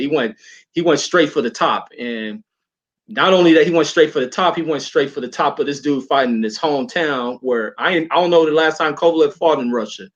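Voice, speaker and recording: A man's voice: mid-range voice, dull audio. A man talking boxing as a guest in casual chat, laid-back, often tagging sentences with "man". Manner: laid-back, repeats "man", restarts phrases.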